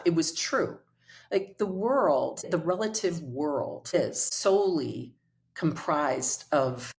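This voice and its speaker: A middle-aged woman, a coach and author, telling a personal story in conversation and acting out the quoted dialogue. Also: sits low.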